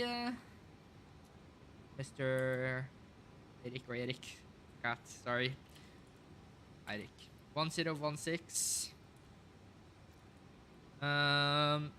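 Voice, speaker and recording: This flight sim streamer has a mid-range voice with a bright, forceful tone, very animated yet slow and pausing often. He casually works through a simulated airliner flight, calling out checklist items and thinking aloud with many fillers. There's a little hiss or hum.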